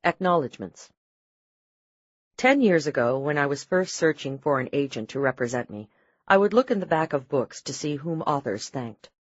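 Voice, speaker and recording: A woman reads an audiobook in a low, steady, measured voice. The recording is dry and close, with a slightly dull, muffled tone. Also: dry recording. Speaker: audiobook narrator. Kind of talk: scripted narration.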